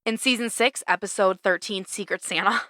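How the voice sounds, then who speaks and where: A woman's voice: medium pitch, steady tone, brisk, sharp tone, dry recording, clean studio sound. A young woman hosting a podcast, chatting casually, swearing freely and laughing often. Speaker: podcast host. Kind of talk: casual chat.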